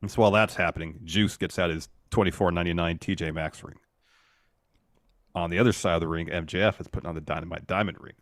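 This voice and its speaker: Brief: deep-voiced co-host, even casual recap, dry studio sound. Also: male voice, quick pace, no echo. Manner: steady play-by-play recapping. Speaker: podcast co-host.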